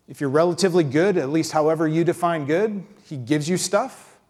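A man preaching a conversational sermon, acting out quick impressions of how people picture God. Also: a little mellow. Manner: conversational, acts out quick impressions with pitch jumps.

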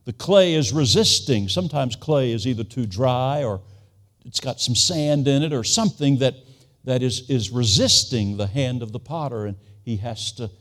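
A man in his sixties preaching a sermon, telling a family story earnestly and acting out the voices he quotes. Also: mid-range voice.

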